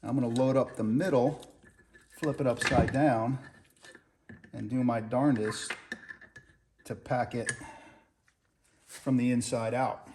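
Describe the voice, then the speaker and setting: A man with a gravelly, fry-edged voice at an ordinary pitch talks through a car repair in a relaxed, folksy way. He chats to the camera as he works in his garage, explaining each step like a home mechanic. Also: slow pace, pauses often, background noise. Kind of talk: casual how-to commentary.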